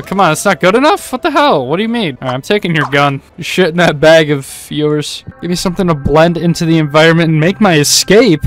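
A man with a slightly raised voice talks through his gameplay in a casual, sarcastic way. He swears a lot and jumps into loud outbursts. Faint game music plays behind him. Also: a little high. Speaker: let's play gamer.

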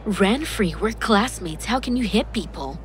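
A woman reading a calm, halting young man. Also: mid-range voice, a little hiss or hum, natural voice.

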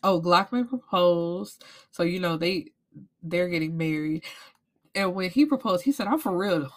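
A woman with a somewhat low voice recaps a novel in a casual chat. She is blunt and profane and tells the plot with animated energy. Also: measured pace. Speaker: book reviewer.

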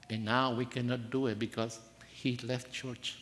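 Soft-spoken preacher in a reverberant church. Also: male voice, medium pitch, level tone, unhurried, few pauses. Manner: soft-spoken, earnest storytelling with rising emphasis. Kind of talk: sermon. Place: church sanctuary.

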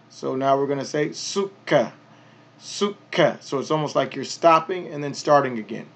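A man teaching a pronunciation lesson, patiently explaining each sound step by step and repeating words slowly. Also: medium pitch. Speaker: Arabic teacher.

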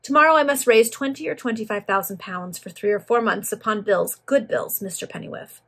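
A woman reading a proper, formal gentleman. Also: medium pitch, brisk. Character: dignified male gentleman politician, proper and indignant.

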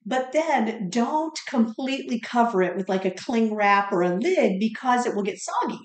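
High-ish voice, gushy woman cohost chatting about food, echoey room. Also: animated, normal speed. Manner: gushing, enthusiastic. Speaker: podcast co-host. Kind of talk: casual cooking chat.

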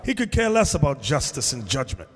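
A man preaching in an animated, emphatic way, mixing street talk with scripture in a reverberant hall. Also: medium pitch, brisk, slightly rough. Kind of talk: sermon-style teaching.

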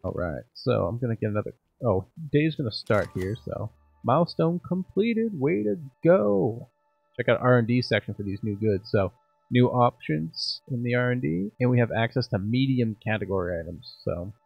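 A man's voice: fairly low pitch, a little fast, creaky, breathy edge, dry recording, muffled recording, soft background music. A man casually commenting while playing a game, thinking aloud and joking about himself. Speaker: gaming channel host. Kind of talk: let's play commentary.

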